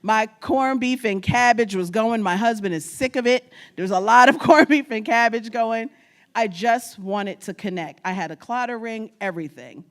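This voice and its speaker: Speaking at a moderate pace with fairly high pitch, a New York woman gives a funny talk on genealogy research as a guest speaker. She shares stories, laughs often, and talks directly to those listening.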